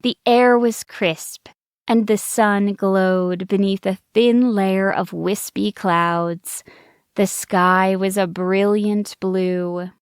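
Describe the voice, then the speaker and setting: A woman narrating a scripted children's story with a gentle, measured reading. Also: mid-range voice, fairly even intonation, clean tone, no room sound, studio quality. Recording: faint background music.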